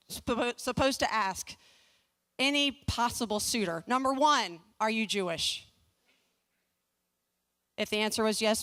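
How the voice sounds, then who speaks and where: A Southern American woman in her forties, with a somewhat high, slightly bright voice, speaks at a community fundraising talk. She tells humorous personal stories with comic timing and self-deprecating asides, often restarting and repeating words.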